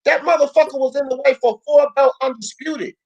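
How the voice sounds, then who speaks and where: A woman talk-show host tears into a boxing rant, swearing freely and raising her voice to a shout again and again. Her pitch sits a little high for a woman. She speaks with heated, relentless conviction. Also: a little fast, lo-fi sound. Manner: loud, profane, ranting, often shouting.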